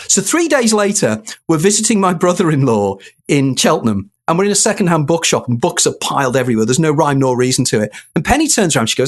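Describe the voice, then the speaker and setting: A man's voice: on the high side, sing-song, quick pace, few pauses. A man, a guest in an interview, telling a story with animation and acting out quoted dialogue. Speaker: guest author.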